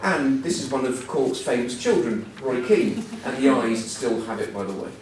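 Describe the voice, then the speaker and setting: This is a middle-aged male guest speaker giving an after-dinner-style motivational talk before an audience in a large event hall. His mid-range voice is expressive and moderately paced, and his manner is wry and anecdotal, chatty and self-deprecating. He sounds distant in the reverberant, echoey hall, with a faint hum and laughter from the audience.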